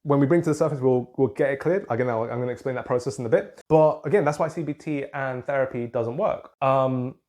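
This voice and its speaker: A man coaches on anxiety in an explanatory talk to camera, speaking earnestly as he writes on a board and circles back to his points. His mid-range, slightly mellow voice moves fast with few pauses.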